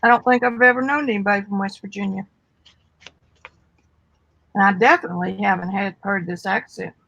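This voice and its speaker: A woman's voice: medium pitch, fairly quick, vocal fry, fairly bright tone, dry recording, lo-fi sound. A woman chatting easily as a guest on a livestream. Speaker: guest artist. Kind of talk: casual livestream chat.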